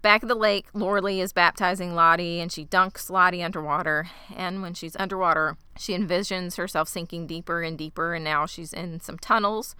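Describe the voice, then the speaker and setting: A woman co-hosting a podcast, retelling a TV episode in a casual, animated way. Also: on the low side, clear, resonant tone, no echo. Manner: animated, quick retelling with quoted lines. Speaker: podcast co-host recapping a TV episode. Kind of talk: casual recap chat.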